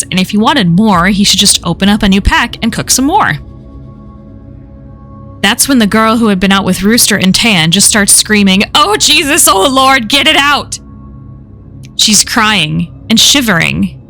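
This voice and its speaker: A woman's voice: mid-range voice, a bit bright. A woman reading a first-person horror story aloud on a live stream, in a casual, conversational telling full of swearing.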